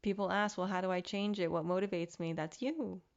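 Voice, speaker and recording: A woman's voice: lowish voice, fairly even intonation, brisk, muffled recording. Candid woman hosting a self-help podcast. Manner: candid, reflective, mildly profane self-help talk. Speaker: podcast host. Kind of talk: casual motivational monologue.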